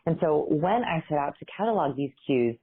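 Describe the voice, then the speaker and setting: Low-pitched woman on a tinny line. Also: expressive, fairly quick, husky. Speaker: interview guest, behavior researcher. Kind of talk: remote interview, explanatory.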